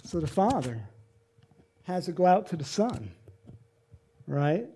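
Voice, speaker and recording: A man's voice: high-pitched, sing-song, slow pace, dark tone, a little hiss or hum. A man preaching a sermon, telling the story dramatically with asides and questions to the congregation.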